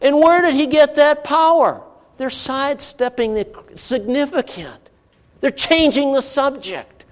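A man's voice: very high-pitched, a little slow, in a large hall. A man preaching a sermon, asking the congregation rhetorical questions as he goes. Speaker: pastor.

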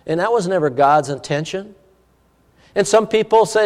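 A man preaching a sermon, animated, swinging between emphatic peaks and hushed asides. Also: high-pitched, moderate pace, long pauses, in a large hall.

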